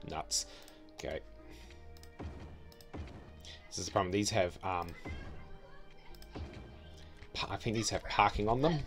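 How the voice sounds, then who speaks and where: Here a man from New Zealand offers casual commentary on a city-building game he's streaming, musing aloud and frequently drifting off or fixing what he said. His voice is on the low side and a bit bright.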